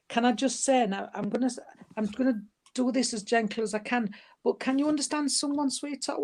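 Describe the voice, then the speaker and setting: Gentle chatty woman medium. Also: on the high side. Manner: gentle, chatty, full of endearments like sweetheart and darling. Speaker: spiritualist medium. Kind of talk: giving a spirit reading.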